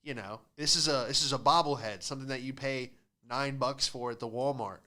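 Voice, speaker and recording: A man's voice: mid-range voice, steady tone, fairly quick, sharp tone. Sarcastic ranting young man comic. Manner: ranting, sarcastic, acts out voices. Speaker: podcast host and stand-up comic. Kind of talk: casual comedic monologue.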